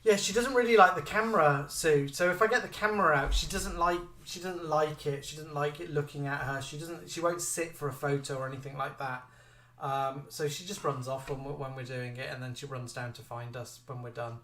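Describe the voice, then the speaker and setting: A man co-hosts a casual live chat, reading viewer comments with animated energy. His voice sits a little high. He is set back from the mic in an echoey room. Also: brisk, distant mic.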